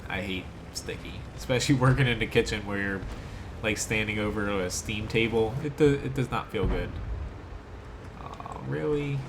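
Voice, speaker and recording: A man from South Jersey with an American accent streams a game live, chatting casually and answering his chat between plays. His voice is fairly low and moves at normal speed over a noisy background, with a laid-back, chatty feel to the gameplay commentary.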